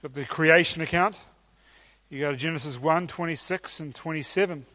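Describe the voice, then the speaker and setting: A man's voice: on the high side, moderate pace, bright, forceful tone. A man preaching a teaching sermon with emphatic enthusiasm and some hesitations.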